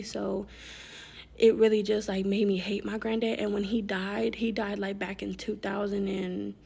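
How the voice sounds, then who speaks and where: A young adult woman telling a painful personal story in a rapid, flat, unpolished way. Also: mid-range voice, vocal fry, slightly rough.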